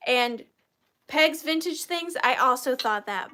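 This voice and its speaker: A woman's voice: fairly high pitch, animated, unhurried, bright, forceful tone. A woman in her thirties hosting a live vintage sale, chatty and self-deprecating, easily moved to tears. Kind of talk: chatty live-stream selling.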